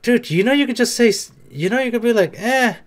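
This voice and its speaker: A man's voice: very high voice, expressive, fast talker. A young man talking back at the screen in casual reaction commentary, chatty and swearing now and then. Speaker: reaction video host.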